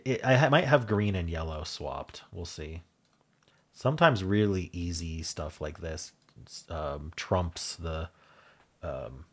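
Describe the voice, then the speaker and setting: A man with a deep voice and a touch of husk hosts a casual puzzle stream. He thinks out loud, wandering between guesses and doubting himself. He speaks close to a desk mic in a quiet home room. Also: slightly rough. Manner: thinks aloud, musing and unsure. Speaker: puzzle video host. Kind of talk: casual solo puzzle commentary.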